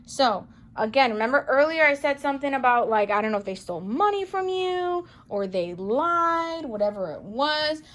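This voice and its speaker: A woman reading tarot cards for viewers in a chatty, playful way, excitable and full of pet names. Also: high-pitched, normal speed, few pauses. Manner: playful, chatty, calls listeners baby girl and boo; excitable, gasps and exclaims over cards. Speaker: psychic medium tarot reader.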